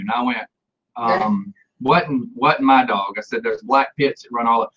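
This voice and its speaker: A man telling a story in casual chat, animated and laughing, acting out the people he quotes. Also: mid-range voice, measured pace. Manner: animated, acts out quoted voices, laughs often. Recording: dull lo-fi sound.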